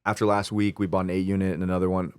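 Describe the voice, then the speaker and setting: A man's voice: deep voice, clear, resonant tone. A young man talking casually as an interview guest, telling stories animatedly and quoting himself. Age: young adult. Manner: animated storyteller, quoting himself, quick asides. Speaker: real estate investor guest.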